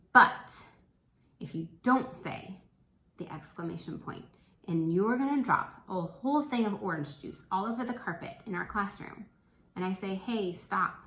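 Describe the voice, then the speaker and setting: A woman's voice: mid-range voice, a bit bright, echoey room, a little hiss or hum, poor audio. A woman teacher giving a lesson to young children, encouraging and checking in often. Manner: encouraging, checks in with frequent "okay?".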